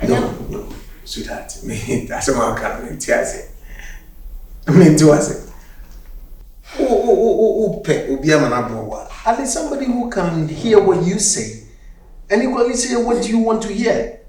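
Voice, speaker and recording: A man's voice: high-pitched, big pitch swings, moderate pace, warm tone, slight background noise. A man with a Ghanaian accent playing a complaining, argumentative man in a film drama. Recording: echoey room with faint music.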